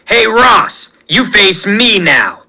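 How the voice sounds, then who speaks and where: A man voicing an indignant male soldier who talks in sharp, forceful protests. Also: high voice, very animated, slow, heavily acted. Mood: furious. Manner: shouting, indignant. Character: outraged male soldier in armor.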